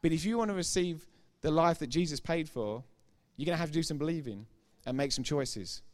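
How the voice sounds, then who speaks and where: Man, middle-aged, pastor, sermon, emphatic, repetitive, chatty asides, somewhat high voice. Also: brisk. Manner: emphatic, repeats key phrases for effect; chatty, informal asides to the congregation.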